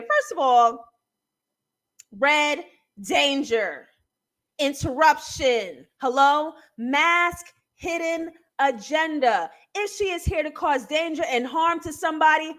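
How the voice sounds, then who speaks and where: High-voiced woman recapping a TV episode. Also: slow pace. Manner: animated, emphatic, laughing and near tears at times. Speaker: TV recap host. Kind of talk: live show recap and analysis.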